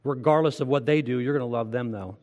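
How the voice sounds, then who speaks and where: A man's voice: mid-range voice, fast, a little mellow, lo-fi sound. Man preaching in a reverberant church. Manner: earnest, conversational preaching with direct questions. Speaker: pastor. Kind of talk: sermon.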